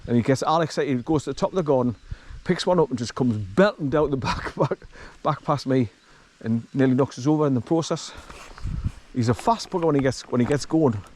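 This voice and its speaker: This hiker talks to the camera in a loose, chatty ramble while making his way along a country forest path. He has a mid-range, darkish voice and a brisk pace, with slight noise in the background.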